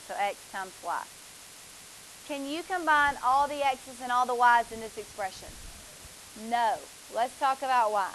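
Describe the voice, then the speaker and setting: A woman's voice: a little high, a bit bright, slight background noise, low-quality recording. A woman, teaching a math class, asking students questions and praising their answers.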